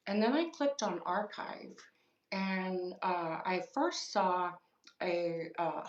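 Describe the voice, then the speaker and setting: Low-voiced woman telling a personal story. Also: roomy sound, muffled recording. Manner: recounts events with many fillers and acted-out quotes. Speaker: guest.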